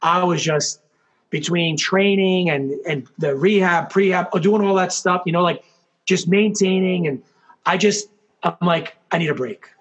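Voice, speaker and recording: A man telling his story as an interview guest, animated, acting out what people said, with lots of fillers. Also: high voice, a little slow, muffled recording. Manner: animated storyteller, acts out quotes, many fillers. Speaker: guest, hockey coach and former player.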